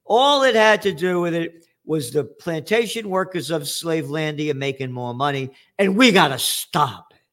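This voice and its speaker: Older man, ranting commentary, profane, sarcastic, slightly high voice. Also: animated, moderate pace, fairly bright tone. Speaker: trend forecaster host. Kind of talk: angry commentary monologue.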